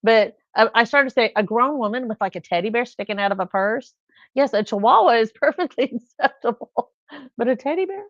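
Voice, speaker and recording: A woman's voice: fairly high pitch, lively intonation, fairly quick, no echo. A middle-aged woman chatting on a livestream, telling anecdotes and acting out the people in them. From California. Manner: chatty storytelling, acts out voices in anecdotes. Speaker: livestream host. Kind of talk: casual chat. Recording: dull lo-fi livestream sound.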